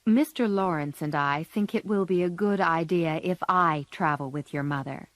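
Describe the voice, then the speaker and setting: A woman doing a gentle, soft-spoken young man. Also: on the low side, normal speed, dry recording, lightly acted.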